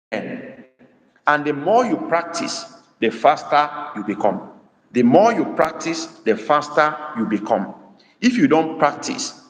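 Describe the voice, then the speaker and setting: A middle-aged man whose first language is Igbo, teaching a live online language lesson in a didactic, repetitive way and counting his points aloud. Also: mid-range voice. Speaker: language tutor. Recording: roomy echo with long reverb.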